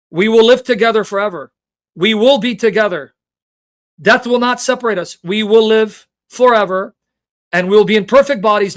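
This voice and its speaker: A man's voice: sits high, a bit bright. A man hosting a livestream Bible teaching, passionate and emotional, speaking straight to his viewers and asking them rhetorical questions. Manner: reads scripture references aloud with rhetorical questions. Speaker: Bible teacher and show host.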